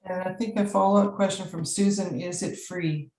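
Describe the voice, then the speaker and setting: A woman with a deep voice moderates a session and keeps pausing on fillers. Her voice rings in a roomy space. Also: fairly even intonation, darkish tone. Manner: friendly, hesitant with fillers. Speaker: session facilitator.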